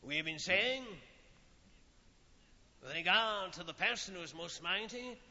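Slow and measured, a male preacher with a very bright, high voice sounds animated yet solemn, letting each phrase fall away into a quiet pause. His sermon comes from an old lo-fi recording drenched in long hall reverb.

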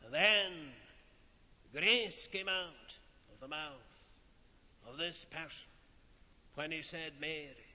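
Slow, solemn male preacher in a hall. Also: a little high, sharp tone. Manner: slow, solemn preaching with dramatic pauses and falling phrases. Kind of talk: sermon. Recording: old lo-fi recording in a reverberant hall.

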